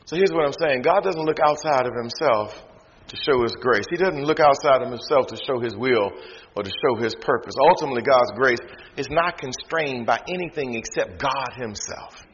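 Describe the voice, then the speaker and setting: A man with a Southern accent from North Carolina preaching a sermon, calling out to the congregation and rising to shouts. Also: medium pitch, moderate pace, a little hiss or hum. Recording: dull sound in a reverberant hall.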